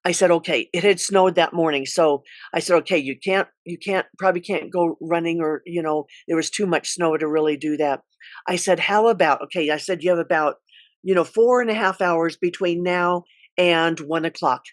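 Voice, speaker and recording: A middle-aged woman school counselor telling a personal story in an earnest, halting way, with many restarts. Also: lowish voice, no room sound.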